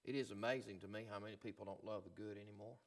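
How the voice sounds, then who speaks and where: A man preaching a sermon as pastor, swinging from loud emphatic lines to quiet, low ones. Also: steady tone, rapid-fire.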